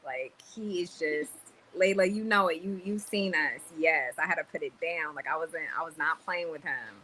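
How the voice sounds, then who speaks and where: Her voice is deep and her pace normal as this Cuban-rooted woman runs a casual livestream from a store in the Dominican Republic. Animated, she reads viewer comments out loud and tosses Spanish words into her speech, though the poor audio carries a slight hiss or hum.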